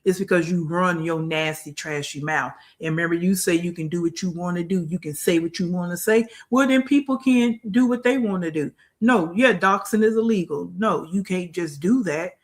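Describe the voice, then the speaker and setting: A woman's voice: on the low side, moderate pace, few pauses. Give me a blunt woman commentator on a livestream, scolding and chatting with viewers. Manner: blunt, scolding, repeats phrases for emphasis; greets and talks to live chat.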